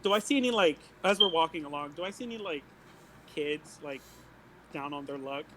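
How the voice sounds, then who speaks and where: A man's voice: a little high, lively intonation, brisk, background noise. A man playing a tabletop game, playful and giggly, joking in character. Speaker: player.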